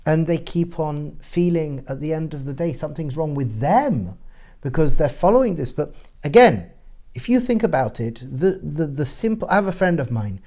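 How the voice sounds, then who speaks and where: A middle-aged man, a rabbi, talking as a guest in a conversational discussion, telling stories and growing animated as he goes. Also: fairly high pitch, moderate pace. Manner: storytelling, grows animated and louder describing family chaos.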